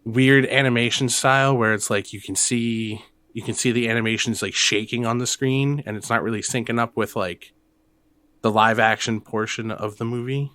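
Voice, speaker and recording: A young man co-hosting a casual podcast chat, animated and quick to laugh, retelling films with energy. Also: dry recording. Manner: animated, laughs often, breaks into high squeaky impressions. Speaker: podcast co-host.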